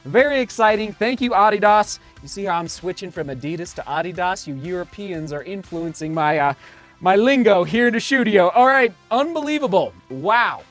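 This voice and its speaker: A man's voice: high-pitched, expressive, moderate pace, fairly bright tone, faint music behind. A man running a vlog, opening shoe boxes in a hot studio, gasping and exclaiming, a little out of breath. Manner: exclaims and gasps a lot. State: slightly out of breath. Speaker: running vlogger. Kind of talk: excited unboxing vlog.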